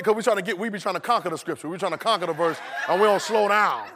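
Male preacher, AAVE, high voice, playful call-and-response, acts out lines. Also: racing, sharp tone. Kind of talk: sermon.

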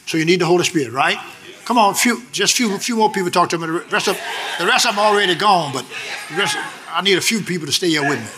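A male pastor preaching a sermon, emphatic and repetitive, swinging from shouted lines to low, quick asides. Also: animated.

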